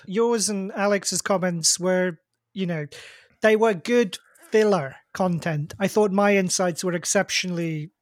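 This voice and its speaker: A man's voice: sits high, a little slow, no echo. A man co-hosting a discussion podcast, dry and teasing. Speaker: podcast co-host. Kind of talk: casual discussion.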